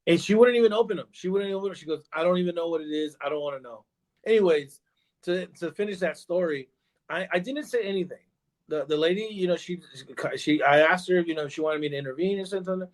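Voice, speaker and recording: Man, podcast guest, casual storytelling, rambling, lots of fillers and restarts, slightly high voice. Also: fast. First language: bilingual in Spanish.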